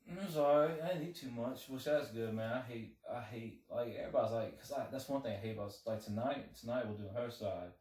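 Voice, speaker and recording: A man's voice: medium pitch, brisk, hardly any pauses, darkish tone. A man co-hosting a casual podcast, talking in a laid-back, slangy way. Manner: laid-back, slangy, acts out quoted relatives. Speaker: podcast co-host. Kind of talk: casual chat. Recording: echoey room, distant mic.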